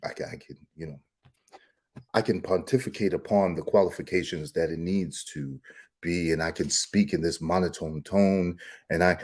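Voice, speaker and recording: A man ranting loudly and profanely as a commentator, swinging between shouting and a mocking slow monotone. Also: sits low, breathy edge. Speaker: commentator and panel participant. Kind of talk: reaction rant and panel discussion.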